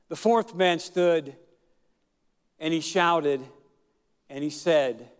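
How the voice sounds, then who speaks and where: A male pastor delivers a sermon in a high, smooth, resonant voice. He tells his story with halting fillers, then stretches and shouts key words for emphasis. His voice rings out with the long reverb of a big church hall.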